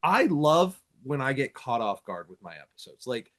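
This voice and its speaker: A man hosting a podcast interview, enthusiastic and quick to laugh, with rambling questions. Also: mid-range voice, big pitch swings, a bit bright. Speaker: podcast host.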